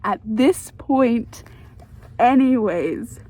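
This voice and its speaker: A woman's voice: on the high side, animated, drawn-out words, warm tone. A young woman chatting casually in a reading vlog, emotional and rambling, with many fillers and restarts. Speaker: reading vlogger.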